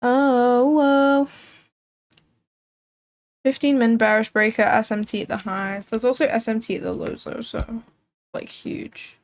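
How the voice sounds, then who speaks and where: A woman talks through her trading screen on a live stream in a loose, chatty way, full of filler words as she thinks aloud. Her voice sits a little high and carries a gravelly fry. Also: level tone, moderate pace. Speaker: livestream trading host. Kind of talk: casual live commentary.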